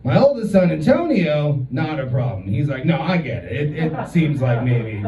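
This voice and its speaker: A man's voice: a little high, very animated, moderate pace, over a noisy crowd. A man in his thirties telling a story as a stand-up comedian, profane and chatty with many filler words. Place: comedy club stage. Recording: roomy, distant, muffled club recording.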